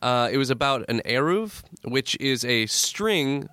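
A man talking as a guest on a podcast, telling stories in a lively, joking way with quick asides. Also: medium pitch, smooth, dry recording, clean studio sound. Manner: animated storyteller, jokey asides. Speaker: comedy producer, guest. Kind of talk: casual podcast chat.

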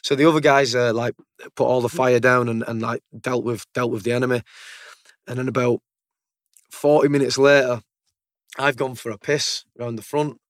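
Casually swapping stories in conversation, a military veteran from the United Kingdom is blunt, swears freely, and repeats words along the way. His mid-range voice keeps a fairly even intonation at normal speed, in clean studio sound without room sound.

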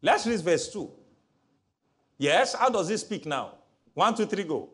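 Lively pastor preaching. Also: male voice, high voice, unhurried. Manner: animated, mimics voices in stories, laughs often. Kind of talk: sermon.

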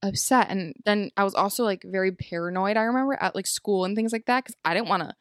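A woman's voice: mid-range voice, quick pace, no room sound. Young woman podcast cohost, chatty storytelling, lots of "like", dry close mic. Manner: animated storytelling with lots of "like" and acted quotes. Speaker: podcast co-host. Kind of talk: casual chat.

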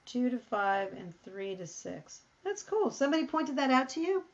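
A woman talking through a Bible passage in casual conversation, reading verses aloud and thinking out loud. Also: fairly high pitch, moderate pace, highs cut off, a crowd in the background. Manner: thinks aloud, reads scripture, animated when surprised. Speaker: Bible study co-host. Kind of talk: casual Bible study discussion.

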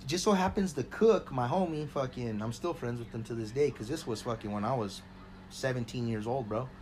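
With a mid-range voice moving fairly quickly, a podcast co-host spins an excited, loud story. He's profane and casual, saying "bro" to everyone again and again, and there's faint background noise.

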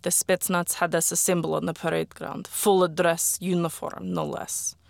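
An audiobook reader telling a first-person war story in a quiet, slow, deliberate way that at times drops to a whisper. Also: mid-range voice, level tone, vocal fry, no room sound.

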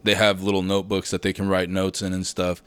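A man's voice: low voice, monotone, a little fast, smooth, no echo. A young man hosting a solo podcast from his room at home. He rambles, gets sidetracked, says "dude" a lot and swears freely. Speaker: podcast host. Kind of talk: casual solo podcast chat. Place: home room with recording setup.

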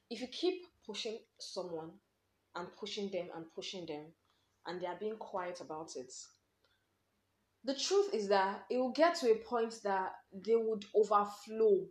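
A young Nigerian woman hosting a podcast, candidly telling personal stories with lively slang and laughter. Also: medium pitch, echoey room. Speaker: podcast host. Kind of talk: personal storytelling monologue.

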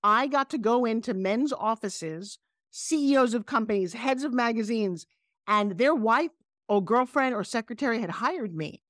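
Animated New York woman telling stories. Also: a little high, moderate pace, no room sound, studio quality. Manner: animated, emphatic storyteller. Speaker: guest. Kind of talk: casual interview storytelling.

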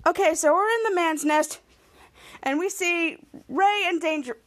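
A woman's voice: very high voice, measured pace, a bit bright. A woman hosting a podcast, recapping a TV episode in a chatty, upbeat way and acting out the characters' lines as she retells them. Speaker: podcast host.

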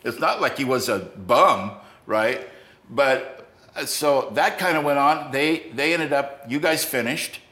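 An older man hosting a podcast, telling a story from his past to a friend in a halting way, full of restarts. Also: medium pitch, pushed and bright, roomy sound. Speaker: podcast host. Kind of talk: storytelling in a conversation.

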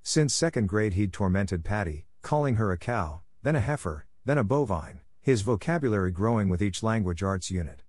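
Low-voiced man narrating a story. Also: darkish tone, no echo, studio quality.

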